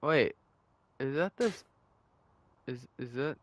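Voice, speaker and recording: Young male gamer, unhurried joking ramble, light hiss behind. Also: medium pitch, lively intonation. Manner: rambling, joking, profane, laughs at his own bits. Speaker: gameplay streamer. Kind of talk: casual gaming commentary.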